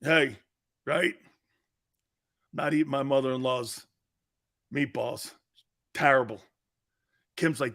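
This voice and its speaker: Middle-aged male sports talk host, brash and bright, ranting casually. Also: medium pitch, slow, long pauses. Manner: loud, animated, bantering rants.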